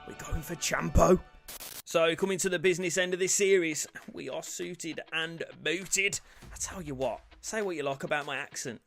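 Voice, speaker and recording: A man commentating his football video game career with loud outbursts and cheeky banter. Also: fairly high pitch. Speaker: gaming YouTuber.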